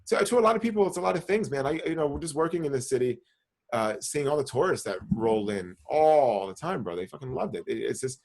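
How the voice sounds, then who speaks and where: A man's voice: mid-range voice, lively intonation, fairly quick, vocal fry, a little mellow. A young man from the New York area telling a long profane story in casual podcast chat, full of restarts and "bro". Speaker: podcast co-host.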